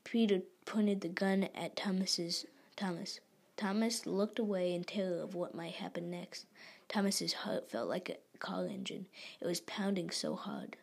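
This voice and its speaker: Woman whisper-reading a story, gravelly and breathy, trips over words. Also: lowish voice, animated. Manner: halting reading with restarts. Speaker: story reader.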